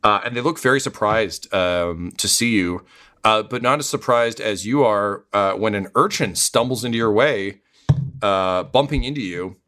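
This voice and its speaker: A man's voice: fairly low pitch, normal speed, bright, forceful tone. A man running a tabletop game as game master, hesitant and full of ums.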